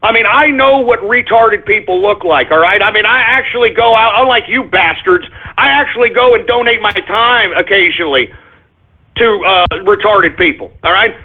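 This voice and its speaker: High-voiced, husky ranting radio host. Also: male voice, moderate pace. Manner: abrasive, ranting, confrontational. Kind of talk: call-in radio rant. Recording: tinny phone-like lo-fi audio.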